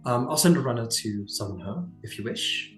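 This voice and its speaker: A man's voice: mid-range voice, animated, moderate pace, fairly bright tone, soft background music, natural voice. A man voicing a gracious, slightly fussy noblewoman hostess in a tabletop game. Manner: genteel, flustered. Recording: echoey room.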